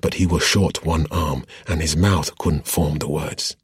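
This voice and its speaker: A man narrating a fantasy novel as an audiobook in a steady, measured way. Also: a bass voice, husky, no echo, clean studio sound.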